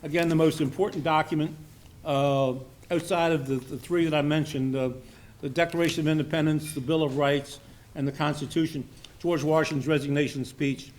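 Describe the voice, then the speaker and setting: An older man from Maryland speaks to a society gathering in a loose, folksy way, stopping and restarting often. His voice sits a little high for a man. A faint hum runs under the talk. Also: fairly even intonation, fairly quick, a little mellow. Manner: rambling, folksy, with many fillers and restarts. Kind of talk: informal after-dinner speech.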